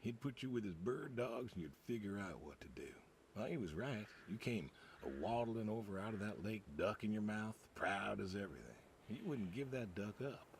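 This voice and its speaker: A grieving old farmer. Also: male voice, background noise. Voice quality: low, rural drawl. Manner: halting, regretful, soft-spoken. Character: grieving older farmer saying goodbye to his dog. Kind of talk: video game voice acting.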